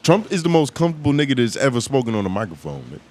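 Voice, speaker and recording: A man's voice: medium pitch, big pitch swings, very fast, a little mellow. A man co-hosting a podcast in casual chat, teasing and cutting in with profane slang. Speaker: podcast co-host.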